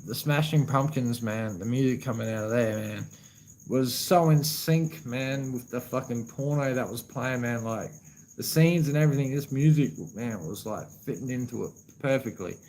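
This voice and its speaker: A man's voice: medium pitch, moderate pace, darkish tone, poor audio. Swearing Australian man on a live stream. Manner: profane, rambling, calls viewers man and brother. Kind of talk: casual live-stream chat.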